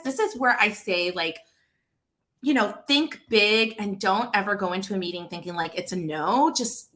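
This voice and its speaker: A woman in her thirties, founder of an association, telling a casual story full of fillers and lively quoted dialogue. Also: medium pitch. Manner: chatty, lots of fillers, animated quoted dialogue.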